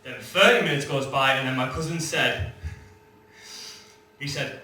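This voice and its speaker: Brash young comic in an echoey club. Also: male voice, medium pitch, unhurried, long pauses, sharp tone. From England. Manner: brash, swearing storyteller acting out quoted lines. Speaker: stand-up comedian. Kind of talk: stand-up comedy set. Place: comedy club stage before a live audience. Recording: very echoey live room from a distance.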